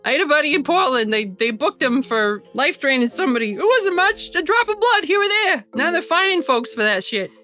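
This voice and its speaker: A man voicing a nervous, shady small-time crook who talks fast and pleads. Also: very high voice, very animated, bright, forceful tone, faint music behind, voice pushed up, exaggerated voice.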